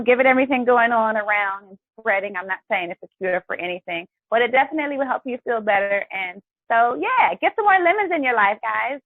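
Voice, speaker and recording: A woman's voice: a little high, fairly bright tone, no echo, rough recording. A woman hosting a live health and wellness show, chatty and encouraging as she talks to her viewers. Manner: chatty and encouraging, often addresses viewers as guys. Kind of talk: upbeat live-stream talk.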